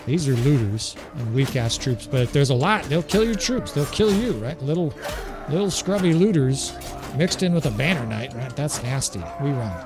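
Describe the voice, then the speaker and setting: A man casually commentating his strategy game as he plays, swearing and laughing often and tagging his points with "right?". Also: mid-range voice. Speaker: gameplay commentator. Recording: game music playing loudly behind. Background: game soundtrack music.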